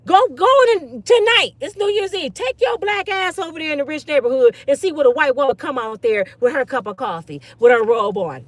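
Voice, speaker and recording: A woman's voice: high-pitched, animated, fairly quick, few pauses, no echo. A woman ranting bluntly and profanely in a casual livestream on her phone. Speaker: online commentator.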